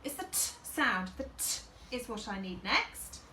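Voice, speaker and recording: A woman teacher takes young children through a phonics lesson, sounding out every phoneme and thinking aloud as she goes. Her voice is bright and very lively in pitch. It is captured from some distance in a roomy space with a faint hum behind it. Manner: slow and deliberate, sounding out each phoneme, talking herself through it. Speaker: infant school teacher.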